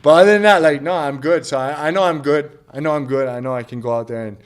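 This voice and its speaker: A man's voice: on the high side, fast talker, clean tone. A man in his thirties, a mixed martial arts fighter, telling a story in a casual interview with lots of swearing, restarts and acted-out quotes. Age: 30s. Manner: profane, rambling, acts out quotes of others.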